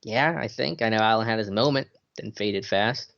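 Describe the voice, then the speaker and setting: A man co-hosting a casual sports talk podcast, relaxed, thinking aloud with fillers as he answers questions. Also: lowish voice, normal speed, creaky. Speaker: podcast co-host. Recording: dull lo-fi audio.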